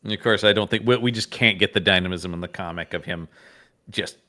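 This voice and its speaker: A man's voice: low voice, fast talker. A man co-hosting a podcast, chatting casually about a comic and laughing often. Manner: animated, laughs often, frequent restarts. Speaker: podcast co-host. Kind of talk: casual comic book discussion.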